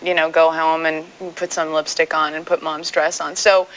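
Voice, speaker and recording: A woman's voice: low voice, little pitch movement, normal speed, a bit bright. A woman in her twenties from South Africa, Afrikaans her first language, chatting candidly and lightly as a talk show guest. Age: 20s. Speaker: guest actress. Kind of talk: casual interview chat. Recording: dull archival TV audio.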